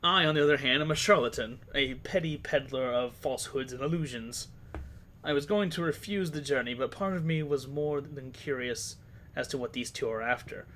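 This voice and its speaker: A man's voice: medium pitch, moderate pace, sharp tone, slight background noise, natural voice. A man reading a first-person synopsis as his con-man character, plainly and without an accent. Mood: wary. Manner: plain read-aloud narration. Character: scheming male charlatan, petty con man.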